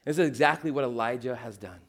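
A pastor preaching a sermon in a conversational, earnest manner with playful asides. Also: male voice, mid-range voice, fast.

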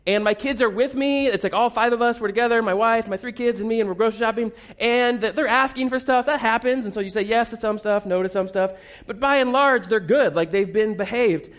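Man, pastor, sermon, high voice, casual and joking, self-deprecating. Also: fairly quick, fairly bright tone. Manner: conversational, humorous, self-deprecating storytelling. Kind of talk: sermon with personal stories.

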